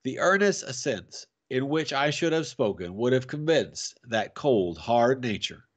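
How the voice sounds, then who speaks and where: A man reading a classic adventure novel aloud for families, with a dramatic, expressive delivery. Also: mid-range voice, measured pace. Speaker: storyteller.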